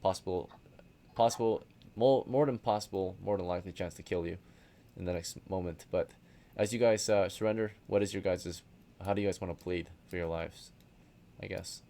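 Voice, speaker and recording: A man with a very low, gravelly voice runs a tabletop game. He talks casually, explaining what happens and often checking in with the players. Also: moderate pace, mellow. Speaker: game master.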